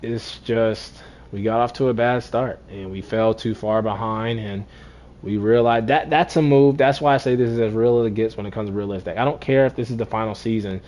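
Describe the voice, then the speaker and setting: A man with a fairly low voice gives casual commentary on his own football video game. He talks to himself, repeats his phrases and swings between deflated mutters and excited bursts. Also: fairly quick. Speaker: gaming streamer.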